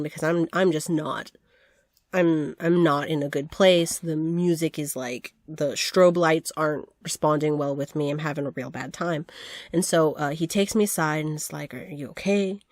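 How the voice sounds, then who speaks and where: A woman's voice: low-pitched, no echo. A woman co-hosting a podcast, retelling her part of a role-play event in casual chat and acting out the lines people said. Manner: lively retelling with acted-out quotes and laughs. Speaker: podcast co-host.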